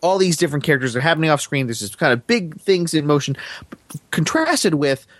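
A man's voice: a little high, very animated, brisk, a bit bright, no room sound. Thoughtful man in casual chat. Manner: thoughtful and corrective, hedging with fillers. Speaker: podcast co-host.

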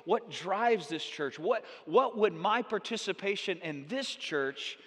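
A male pastor preaching a sermon in a church, animated and acting out the people in the Bible story. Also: high-pitched, slow, breathy edge, in a large hall. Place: church sanctuary.

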